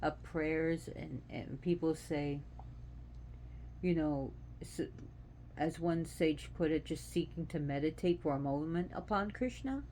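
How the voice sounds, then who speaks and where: Earnest, lower-voiced woman chatting. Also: mellow, slight background noise. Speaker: host. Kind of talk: casual devotional talk.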